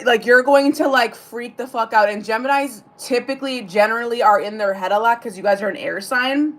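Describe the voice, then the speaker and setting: A woman's voice: a little high, brisk, hardly any pauses, fairly bright tone. A woman giving a casual live-streamed tarot reading. She chats, swears freely and answers viewer comments aloud between card pulls. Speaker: tarot reader.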